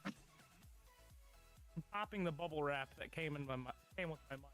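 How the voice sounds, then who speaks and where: A man's voice: a little high, moderate pace, a bit bright, faint music behind. A man playing a tabletop game over voice chat, brash and profane, trash-talking his friends. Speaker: player. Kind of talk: casual tabletop banter.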